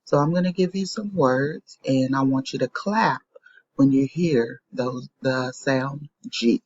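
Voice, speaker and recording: A woman teacher giving a slow, patient phonics lesson to young children, saying each word twice. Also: very deep voice, a little mellow, slightly rough, muffled recording.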